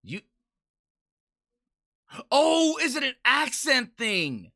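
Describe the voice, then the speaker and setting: A woman's voice: high-pitched, big pitch swings, very slow, pushed and bright. A woman livestreamer chatting casually, rambling and stumbling over restarts as she reads and answers viewer messages. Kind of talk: casual chat while reading viewer messages.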